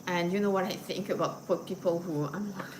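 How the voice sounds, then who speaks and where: A woman's voice: on the low side, steady tone, brisk, background noise. A middle-aged woman with a French accent, chatting casually with viewers as a host and dropping in French and Japanese words. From France. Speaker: channel host. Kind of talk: casual livestream chat.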